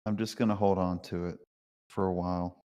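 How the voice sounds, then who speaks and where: A man ranting excitedly and swearing a lot while chatting on a live voice call. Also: low-pitched, a little fast, in a large hall. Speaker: caller in a live voice chat. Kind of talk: casual chat.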